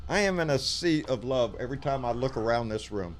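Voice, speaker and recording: A man chatting on a home live stream, his pitch bouncing up and down as he jokes around. His voice sits in a middle register, and a faint hiss runs under it. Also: quick pace. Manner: animated, jokey, breaks into loud mock shouts. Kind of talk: casual political chat. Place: home room.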